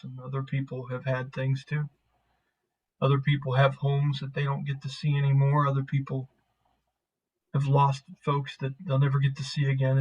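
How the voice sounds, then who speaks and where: A man voicing a weary, guarded crew leader who speaks hesitantly, with many halting pauses. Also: mid-range voice, close to an everyday voice. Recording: muffled lo-fi mic.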